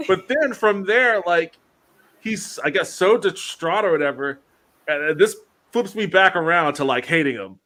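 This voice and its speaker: A man's voice: sits high, lively intonation, moderate pace, sharp tone. A man appearing as a guest on a video-call podcast, giving wry, opinionated commentary on a film. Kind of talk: casual chat.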